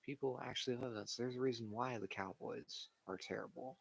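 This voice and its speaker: A man's voice: mid-range voice, a little fast, vocal fry, slightly rough, dry recording. A man hosting a livestream, giving blunt, opinionated casual chat about wrestling and sports and swearing freely. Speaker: livestream host.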